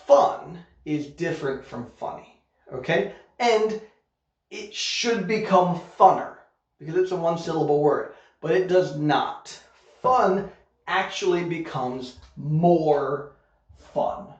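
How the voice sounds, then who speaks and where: A man teaching English grammar in a recorded online lesson, speaking slowly and deliberately and checking in with "okay?" after each point. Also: on the high side. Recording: very echoey room, distant mic, dull sound.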